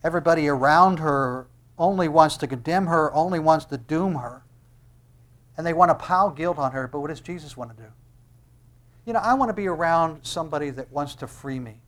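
A man preaching a sermon, swinging between loud emphatic declarations and hushed tender lines, often asking rhetorical questions. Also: on the high side. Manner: asks the audience rhetorical questions.

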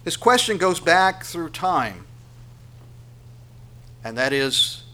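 A man preaching a sermon, swinging between loud emphatic lines and hushed ones. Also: on the high side, sing-song, slow pace. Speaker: pastor.

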